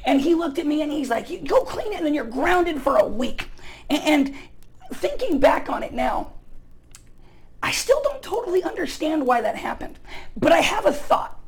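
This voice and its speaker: American male preacher, gravelly edge, chatty and full of fillers, punches key lines loudly. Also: very high-pitched, very animated, normal speed, slight background noise, poor audio. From United States. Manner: casual and chatty, many fillers, bursts of loud emphasis. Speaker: pastor. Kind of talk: storytelling sermon.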